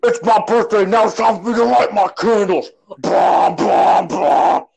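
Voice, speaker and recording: A man mocking a vengeful electric supervillain, shouting his grievances in a raised, tense voice. The rant is over the top and deliberately silly. It comes through as a playful send-up. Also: high voice, fairly even intonation, creaky, pitched above the performer's own voice. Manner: ranting, shouting mockery.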